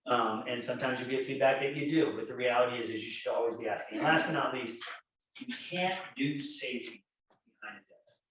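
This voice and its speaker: A man giving a conference lecture on workplace safety, animated and storytelling, acting out the voices in his examples. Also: medium pitch, fairly quick. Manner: animated storytelling, acts out quoted dialogue. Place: lecture hall. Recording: echoey hall, speaker far from mic, faint noise.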